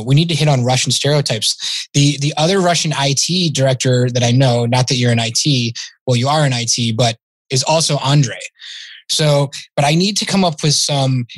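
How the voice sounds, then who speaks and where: A man's voice: medium pitch, dry recording. Rambling male podcast host, dry sound. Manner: rambling, self-correcting, laughs often. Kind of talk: casual interview chat.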